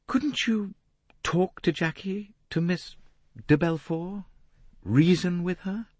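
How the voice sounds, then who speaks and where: A man's voice: fairly high pitch, big pitch swings, normal speed, husky, no echo, pitched above the performer's own voice, full character voice. A man reading an audiobook voices a proud, defensive rich young English woman, clipped and indignant. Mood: pleading.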